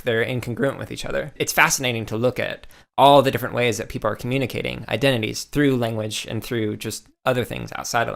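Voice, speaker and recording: Gravelly-voiced male podcast host. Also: medium pitch. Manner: relaxed, lots of "like" fillers. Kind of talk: casual interview chat.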